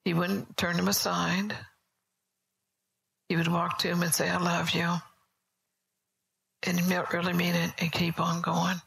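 A woman preaching a sermon at a church service, telling stories in a conversational way, often soft and whispery. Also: on the low side, completely flat delivery, moderate pace, gravelly, pauses often, low-quality recording.

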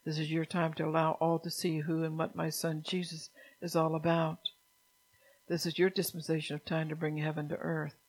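A middle-aged woman preaching a fervent sermon, scolding the listeners and rising to loud, emphatic bursts. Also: low voice, monotone, normal speed, rough recording.

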